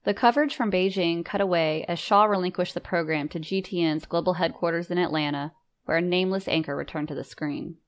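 Low-voiced woman narrating first-person. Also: brisk. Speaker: audiobook narrator.

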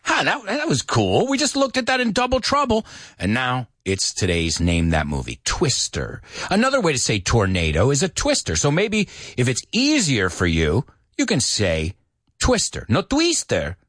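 Playful male English teacher, wildly animated. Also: medium pitch, moderate pace, dry recording, studio quality. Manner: playful, animated teacher who drills words aloud; mixes Spanish into his English. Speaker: host of an English pronunciation show. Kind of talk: live-streamed English lesson.

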